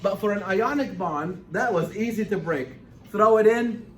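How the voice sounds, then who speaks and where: A man teaching a chemistry class, lecturing with emphatic, animated repetition of key points. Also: high voice, moderate pace. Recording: echoey classroom from far off.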